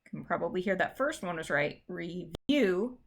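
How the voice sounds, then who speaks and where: A woman English teacher talks through a recorded lesson in a casual, chatty way, scattering fillers as she goes. Her voice sits a little low, and she leans hard on stressed syllables to show how words are said. Now and then she slips in a dry, self-mocking joke. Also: expressive, fast, a bit bright, slightly rough. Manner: exaggerates word stress to demonstrate. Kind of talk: recorded class lecture.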